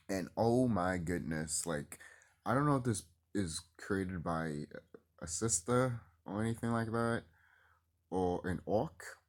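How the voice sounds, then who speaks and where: A man rambling excitedly and cursing freely in a casual vlog monologue to his viewers. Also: low-pitched. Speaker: YouTuber.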